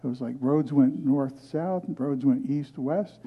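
Speaking a little slowly, with a breathy edge to his mid-range voice, an older guest pastor delivers a sermon testimony about his own life. He is earnest and narrative, restarting often, and the lo-fi recording comes from a movie theater used as a church.

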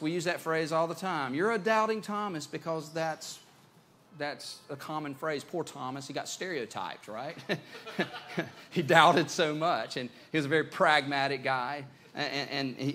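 A man preaching a sermon as pastor, conversational and animated, often repeating words as he goes. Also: on the high side, a little hiss or hum.

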